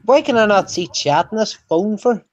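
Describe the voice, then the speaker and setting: A man's voice: high voice, expressive, normal speed. An Irish man co-hosting a casual livestream, mumbling, profane and bantering. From Ireland. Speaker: livestream co-host.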